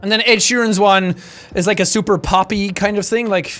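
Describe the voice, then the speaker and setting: A man's voice: high-pitched, a bit bright, soft background music. An Irish man streaming live, chatting casually and ranting with swearing and laughter. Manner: profane, ranting, quick to laugh.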